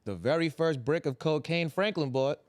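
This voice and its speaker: A young man talks fast and loose on a podcast, swearing and slipping into the characters' voices. His voice sits a bit high, and the sound is dry and close. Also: no room sound. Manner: animated, profane, acts out quotes. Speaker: podcast co-host. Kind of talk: casual recap chat.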